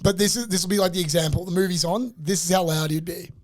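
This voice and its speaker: Young man, high voice, dry close sound, ranting podcast storyteller. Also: fast talker, no room sound. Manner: animated, profane ranting storyteller. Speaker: podcast co-host. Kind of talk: casual storytelling chat.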